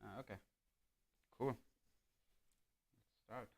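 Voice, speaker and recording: A man's voice: medium pitch, steady tone, slow, gravelly, slight background noise, low-quality recording. A young man streams a PC build. He reads instructions aloud and adds wry, joking asides. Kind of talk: casual live-stream commentary.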